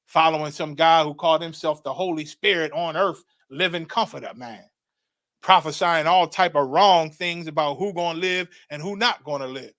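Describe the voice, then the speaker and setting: A middle-aged man recounting a religious vision as a testimony, dramatic and repetitive, building to excited shouts. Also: on the high side, moderate pace, no echo, studio quality. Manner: dramatic, repeats phrases, rising to excited shouts. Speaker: religious teacher. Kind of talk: testimony storytelling.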